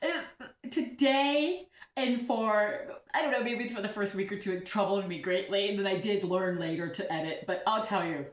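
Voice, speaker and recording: A woman's voice: medium pitch, moderate pace. A chatty woman talks about her orchids at home and keeps breaking into giggles as she pokes fun at herself. Her voice sits in the middle of the range, and the room around her has a noticeable echo. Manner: chatty, giggly, self-deprecating. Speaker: orchid vlogger. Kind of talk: casual vlog chat.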